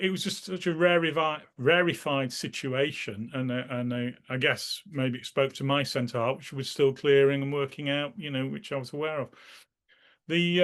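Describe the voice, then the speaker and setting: A man being interviewed, casually recalling memories in a rambling way, often restarting his sentences and acting out the people in his stories. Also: a little high. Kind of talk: casual spoken recollection.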